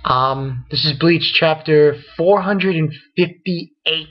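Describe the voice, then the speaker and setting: A man's voice: a little high, slow pace, hardly any pauses, dull audio. A man hosting his own channel, rambling through a casual review rant and stringing events together with "and then". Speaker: manga reviewer, channel host.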